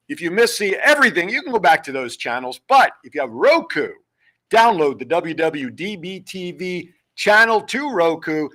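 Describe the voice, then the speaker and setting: A man with a high voice hosts a live show from a television studio. He keeps things jokey and upbeat and rattles off announcements in quick patter. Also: fairly bright tone. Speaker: host.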